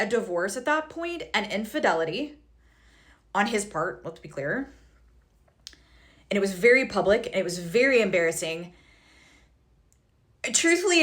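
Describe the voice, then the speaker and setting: A woman's voice: a little high, a bit bright. A woman telling a personal story to her social media followers, frank and heated, with many fillers and self-corrections. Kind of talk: candid personal storytelling to camera.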